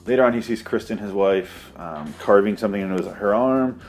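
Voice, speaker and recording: A man's voice: fairly low pitch, a little fast, darkish tone. A man giving a sarcastic, profane, rambling comedic recap of a movie plot.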